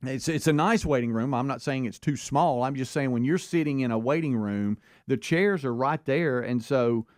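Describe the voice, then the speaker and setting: A man's voice: medium pitch, normal speed, no room sound, clean studio sound. A man co-hosting a radio show, telling a rambling story and imitating the people in it. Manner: rambling, animated, mimics voices in stories. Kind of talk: casual storytelling on air.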